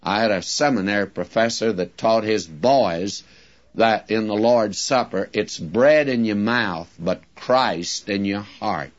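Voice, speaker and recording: A man teaching from the Bible in a sermon, deliberately drawing out key words and speaking directly to his listeners. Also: fairly low pitch. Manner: addresses listeners directly, folksy asides. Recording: dull lo-fi recording.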